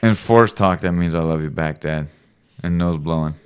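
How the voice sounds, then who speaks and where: A man's voice: deep voice, normal speed, smooth. A man talking casually as a father hosting a home podcast with his son, teasing and joking with him. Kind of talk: casual late-night chat.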